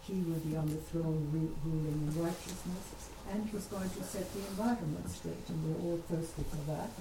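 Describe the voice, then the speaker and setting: Earnest woman congregant, very low voice, roomy echo and clear background noise. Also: fairly even intonation, normal speed. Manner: earnest, emphatic. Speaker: congregation member. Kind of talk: sermon comment.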